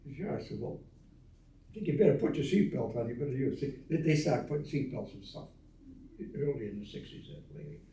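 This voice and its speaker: An older man tells stories in a relaxed, chatty way and acts out the voices in them. His voice sounds roomy and echoey, and he sits at some distance from the microphone. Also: medium pitch, brisk. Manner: animated yarn-spinner who acts out quoted dialogue with chuckles. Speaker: veteran interviewee. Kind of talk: casual storytelling of memories. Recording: roomy echo, voice from a distance of the mic.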